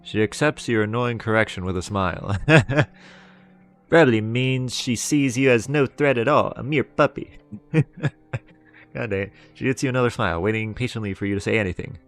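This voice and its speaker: A man's voice: mid-range voice, normal speed, soft background music. A man streaming a game, reading its text aloud and joking between lines, often laughing. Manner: joking, laughs often, reads dialogue with relish.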